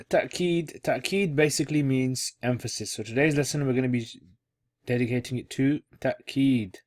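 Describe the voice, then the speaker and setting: Man, grammar teacher, relaxed lesson talk, repeats key terms, mid-pitched voice, thinks aloud.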